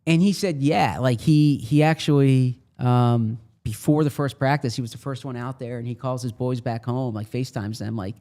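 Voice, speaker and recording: A man's voice: medium pitch, normal speed, hardly any pauses, dark tone. Male podcast co-host, sports beat reporter, casual and rambling delivery. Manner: rambling, many restarts and fillers.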